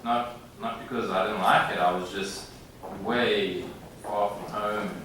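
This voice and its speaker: A man in his thirties delivers an acceptance speech in a halting way, with frequent pauses and filler sounds. His voice sits low. It comes from across a very echoey banquet hall, with clear room noise behind him. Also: fairly even intonation, a bit bright, distant mic. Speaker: hall of fame inductee. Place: large indoor banquet room.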